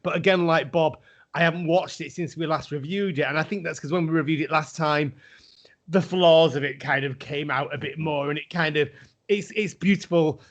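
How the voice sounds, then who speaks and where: A middle-aged man with a slightly high voice tells a story in a casual podcast chat. He is lively and acts out the people he quotes. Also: moderate pace, dull audio. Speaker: podcast co-host.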